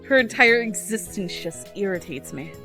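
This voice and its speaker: A woman's voice: medium pitch, lively intonation, moderate pace, pushed and bright, faint music behind. A woman giving casual let's-play commentary, ranting in exasperation and laughing often.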